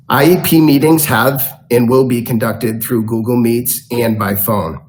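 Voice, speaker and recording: A man presenting to a school board, speaking in a measured way with frequent fillers. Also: on the low side, rough recording. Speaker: school district official presenting. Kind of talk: formal presentation at a board meeting.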